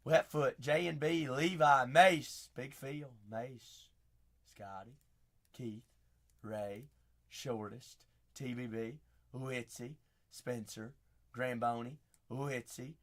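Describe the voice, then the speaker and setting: A man's voice: medium pitch, steady tone, slow pace. A man hosting a live card break stream, chatty and hyping up his viewers. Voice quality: raspy. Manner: chatty, hypes up viewers, shouts out names.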